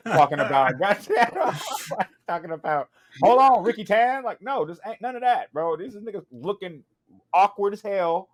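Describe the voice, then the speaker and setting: A male podcast co-host rants in loose, slang-heavy chat, his pitch bouncing up and down as he tells stories. He breaks into laughter often and talks in rambling bursts.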